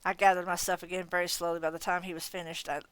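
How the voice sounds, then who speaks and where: A woman reading a novel aloud in an expressive, casual manner. Her voice is getting tired. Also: lowish voice, fast talker, smooth, no room sound. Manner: expressive reading, breaking off to laugh and comment. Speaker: audiobook reader.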